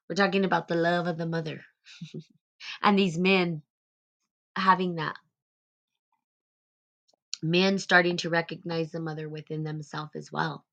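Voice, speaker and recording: Low-pitched lady rambling softly about loving yourself, lots of "like"s, live stream vibe. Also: level tone, measured pace, creaky, long pauses. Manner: rambling, gentle, many "like" fillers. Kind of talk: casual spiritual self-help talk.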